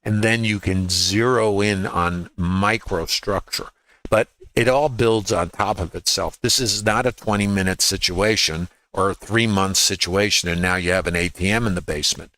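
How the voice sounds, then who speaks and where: A man's voice: deep voice, moderate pace, fairly bright tone, no room sound, low-quality recording. A man walking through live trading charts as a trading educator, emphatic, repeating key words and asking rhetorical questions.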